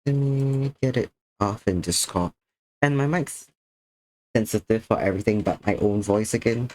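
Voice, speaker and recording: At normal speed and on the low side, with a darkish tone, a man chats casually to viewers as he draws on stream. He seems worn out and slightly ill, drowsy enough that his speech slurs a bit.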